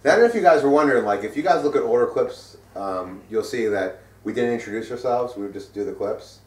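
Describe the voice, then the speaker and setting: A man's voice: medium pitch, expressive, quick pace. A middle-aged man co-hosting a casual heavy metal news chat, rambling and profane with many fillers. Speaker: co-host. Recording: roomy sound from a distant mic.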